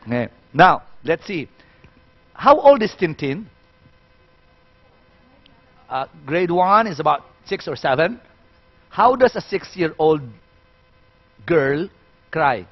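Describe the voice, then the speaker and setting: A man's voice: a little high, sing-song, takes it slowly, long pauses. A man leading a storytelling workshop in a playful, demonstrative way, quizzing his audience. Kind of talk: interactive workshop lecture. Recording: muffled, dull recording.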